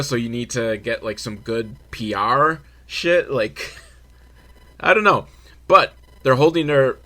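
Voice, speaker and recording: A man's voice: mid-range voice, bright, forceful tone. A man giving a sarcastic, swearing comedy recap of a film and laughing at his own jokes. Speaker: movie recap host.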